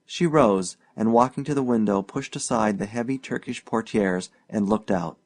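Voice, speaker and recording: A man reading a classic short story aloud as an audiobook narrator, in an unhurried, even storytelling delivery. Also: lowish voice.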